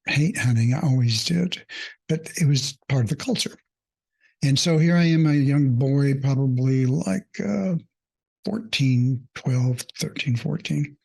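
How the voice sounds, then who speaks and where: In a darkish voice on the high side, a man who coaches mindfulness recounts a personal story. He halts, reflects and uses many fillers, staying earnest and openly emotional throughout.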